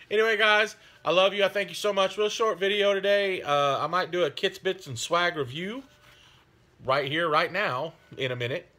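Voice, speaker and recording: A man's voice: high voice, moderate pace, bright, forceful tone. A man hosting his hobby channel, chatting in a rambling, friendly way with many fillers. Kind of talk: casual chat.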